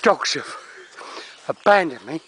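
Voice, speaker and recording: A man's voice: fairly high pitch, animated, takes it slowly, fairly bright tone, slight background noise. An older man with a Cockney accent, wheezing and out of breath as he narrates a climb up a steep wooded hill. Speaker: vlogger. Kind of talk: walking vlog narration. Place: steep wooded hillside outdoors.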